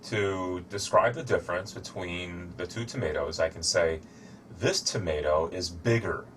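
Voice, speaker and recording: A man giving a slow, deliberate English grammar lesson, showing objects as he explains. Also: sits low, a bit bright, a little hiss or hum. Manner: shows objects to camera while explaining. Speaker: English teacher.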